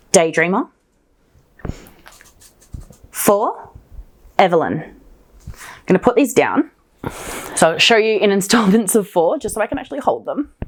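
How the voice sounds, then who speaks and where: A woman hosting a knitting podcast, talking in a casual, gushing, excitable show-and-tell style. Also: on the low side.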